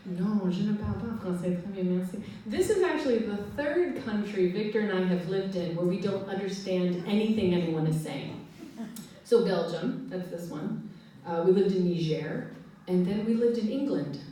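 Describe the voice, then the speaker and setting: A woman in her forties with an American accent, telling stand-up stories in a chatty, giggly way and acting out quotes in high voices. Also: lively intonation, moderate pace, mellow, slight background noise. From United States. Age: 40s. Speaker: stand-up comedian. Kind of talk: stand-up storytelling. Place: live room with audience. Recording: distant mic in echoey room.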